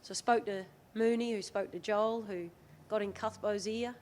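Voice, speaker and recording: A woman's voice: medium pitch, normal speed. Aussie woman in her 30s, chatty candid storyteller, bit of hiss behind. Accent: Australian. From Australia. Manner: candid, chatty, lively retelling with quoted dialogue. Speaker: guest, rugby league player. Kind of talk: podcast interview storytelling.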